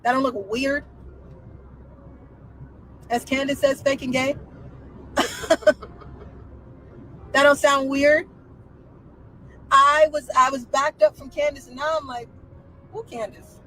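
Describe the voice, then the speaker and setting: A woman's voice: sits high, flat delivery, measured pace, long pauses, fairly bright tone, slight background noise, rough recording. A woman hosting a live stream, commenting casually with incredulous rhetorical questions and frequent laughter.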